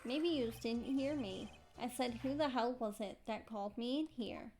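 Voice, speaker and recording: A woman voicing a hot-headed male loan-shark thug with a Brooklyn accent and rough, threatening talk. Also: on the high side, normal speed, warm tone, soft background music, natural voice. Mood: menacing. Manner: rough, threatening, bad grammar.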